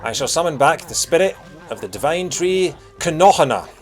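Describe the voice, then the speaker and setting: A man's voice: fairly high pitch, animated, faint music behind, pitched above the performer's own voice, close to an everyday voice. A Scottish man doing a pompous old village elder. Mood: grandly solemn. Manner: slow, theatrical, pompous. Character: solemn old village elder, slow and grand.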